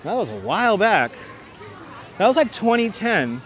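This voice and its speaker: Brooklyn guy livestreaming a walk around the city, kinda high voice, chatty, faint traffic behind. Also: normal speed, some chatter behind. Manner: chatty, animated, often thanking viewers by name. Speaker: livestream host. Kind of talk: walking tour livestream, chatting with viewers. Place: city streets outdoors. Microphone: wireless clip-on mic.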